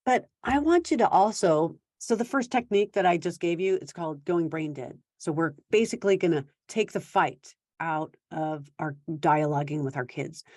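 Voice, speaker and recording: Woman coaching parents, kinda low voice, acts out little back-and-forths, dry sound. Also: dry recording. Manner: conversational, acts out quick quoted exchanges. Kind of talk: instructional talk to parents.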